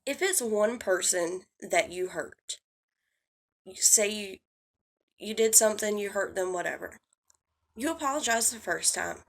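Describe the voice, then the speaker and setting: A woman's voice: mid-range voice, lively intonation, unhurried, creaky, long pauses. A woman giving blunt, heated drama commentary, swearing freely as she lays out her views. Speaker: commentary YouTuber.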